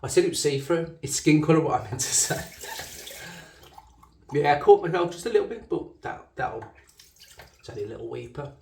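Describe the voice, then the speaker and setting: A man's voice: fairly high pitch, animated, brisk, gravelly, pauses often, darkish tone, echoey room, distant mic. A man with a Black Country accent, chatting casually while shaving, often correcting himself and laughing. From Black Country, England. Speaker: shaving channel host. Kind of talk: casual rambling shaving commentary.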